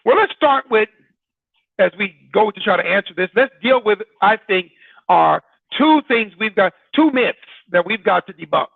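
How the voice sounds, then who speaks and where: A man's voice: high-pitched, lively intonation, moderate pace, vocal fry, no echo. A man hosting an informal broadcast talk, conversational and full of rhetorical questions to his listeners. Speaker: broadcast host. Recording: dry, tinny phone-like sound.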